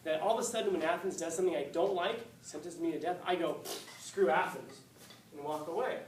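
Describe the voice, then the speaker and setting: A man's voice: fairly high pitch, brisk, close to an everyday voice. A male teacher voicing a proud, defiant old male philosopher who reasons earnestly, recorded in an echoey classroom from a distance. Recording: echoey classroom, far mic, faint hiss.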